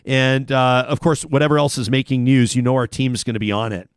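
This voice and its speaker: A man hosting a talk show from a broadcast studio, chatting in an energetic, self-interrupting way. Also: mid-range voice, fairly quick, clean tone, no room sound. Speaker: radio and podcast talk show host. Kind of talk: casual talk show chat with sponsor reads. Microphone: studio microphone.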